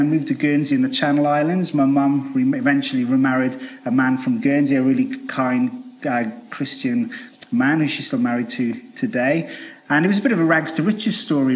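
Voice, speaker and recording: A Welsh man in his thirties, a charity worker, telling his life story earnestly to a church audience, with many fillers and restarts. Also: medium pitch. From Wales. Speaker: charity debt worker giving testimony. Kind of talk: testimony talk to a church audience.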